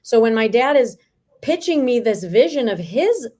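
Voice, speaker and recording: A woman in her forties, a real estate team leader, telling lively stories as an interview guest. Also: a little high, normal speed. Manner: lively, animated anecdotes. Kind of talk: storytelling in a video interview.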